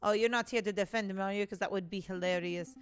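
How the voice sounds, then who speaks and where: A woman voicing a gruff, scornful male jail guard, blunt and mocking. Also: mid-range voice, fairly even intonation, fast, close to an everyday voice.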